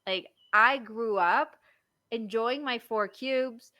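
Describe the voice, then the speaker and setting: A chatty woman in her thirties, talking easily and filling her stories with little fillers. Her voice sits a bit high and sounds bright, close and dry. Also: slow, dry recording. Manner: chatty storyteller, lots of likes and you-knows. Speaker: marriage coach. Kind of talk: casual podcast chat.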